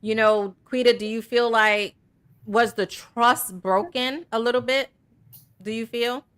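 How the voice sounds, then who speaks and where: A woman's voice: fairly high pitch, steady tone, a little slow, fairly bright tone, clear, resonant tone. A woman hosting a casual talk conversation, earnest and encouraging, often checking in with "right?". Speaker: host.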